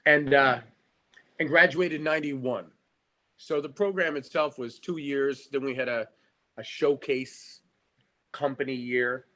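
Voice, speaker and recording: A man's voice: mid-range voice, fairly even intonation, fairly bright tone. A middle-aged man from Canada talks through his career as a podcast guest. He speaks frankly and casually, stumbling and restarting his sentences as he thinks aloud. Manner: frank, stammering restarts, drawn-out asides. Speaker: guest actor.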